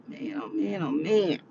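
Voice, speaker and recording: A woman's voice: medium pitch, vocal fry, mellow, highs cut off, slight background noise. A tired woman vlogging to her viewers in a rambling, chatty monologue. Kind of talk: casual monologue.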